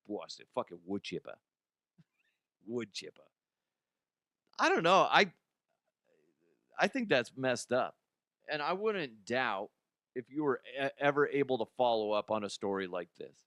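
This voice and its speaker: A man with a medium-pitched voice hosts a comedy news podcast, ranting sarcastically with lots of swearing. He swings between loud outbursts and mutters, and the audio is studio quality with no echo.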